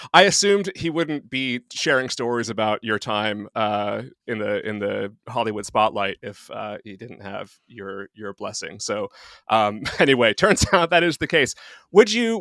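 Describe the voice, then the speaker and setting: A man's voice: mid-range voice, sharp tone, no echo, studio quality. A man hosting a podcast, talking casually and jokingly with frequent ums. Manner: jokey, conversational, many ums. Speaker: podcast host.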